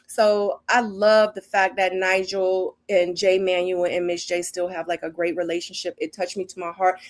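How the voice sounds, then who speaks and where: A woman's voice: fairly low pitch, little pitch movement, normal speed, hardly any pauses. Sassy woman chatting to her viewers. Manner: sassy and emphatic, keeps adding "okay?" and "honey". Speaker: former model recapping a reality show. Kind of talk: casual recap chat to viewers.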